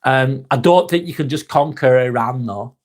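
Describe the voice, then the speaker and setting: Reading chat on his casual live vlog, this Lancashire-accented man from North West England talks at normal speed and medium pitch. He's blunt, swears freely, and calls everyone mate.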